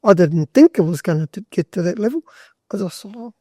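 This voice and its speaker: Here the butcher and charity walker is animated and fairly quick, his high voice dark in tone, recorded at studio quality with no echo. As a podcast guest he tells casual, rambling stories, restarting sentences and cursing freely.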